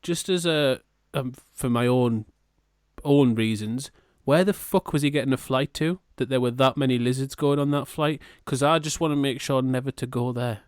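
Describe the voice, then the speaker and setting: A man's voice: mid-range voice, moderate pace, a little mellow, clean tone, no echo, studio quality. A man co-hosting a podcast, riffing in a sweary, playfully exaggerated way. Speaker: podcast co-host. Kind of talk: casual comedic chat.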